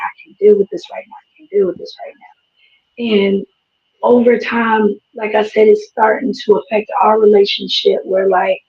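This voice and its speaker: A hoarse woman with a gravelly, rough edge speaks hesitantly and keeps pausing to search for her words. The stream sound is dull and lo-fi. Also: medium pitch. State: losing her voice. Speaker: caller. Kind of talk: casual call-in chat.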